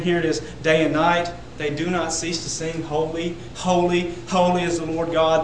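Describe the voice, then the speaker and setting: A man preaching a sermon to a congregation, building to loud emphatic peaks on repeated words. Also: a little high, flat delivery, moderate pace, few pauses, echoey room, a little hiss or hum, poor audio. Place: church sanctuary.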